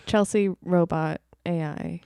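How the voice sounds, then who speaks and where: A woman co-hosting a casual podcast, chatty and quick to laugh. Her voice is smooth and clear, recorded close and dry. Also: fairly low pitch, fairly even intonation, dark tone, no echo. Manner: chatty, laughs, many fillers like "like". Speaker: podcast co-host. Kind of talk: casual chat.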